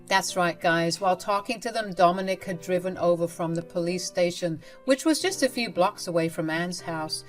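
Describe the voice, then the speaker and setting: A woman narrating a personal story in a plain, steady way. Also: on the low side, moderate pace, few pauses, soft background music.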